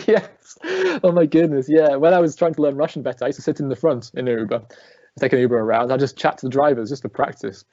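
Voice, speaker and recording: A man's voice: medium pitch, brisk, darkish tone, no echo, lo-fi sound. A man in his thirties from England, a ballet dancer answering interview questions in a chatty, storytelling way with frequent restarts. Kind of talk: remote interview conversation.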